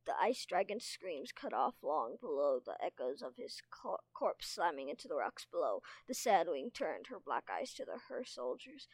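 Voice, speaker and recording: A woman's voice: lowish voice, very animated, moderate pace, hardly any pauses, slightly rough, no room sound. A woman reading a novel aloud expressively, now and then tripping over words and commenting on the characters. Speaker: reader and teacher.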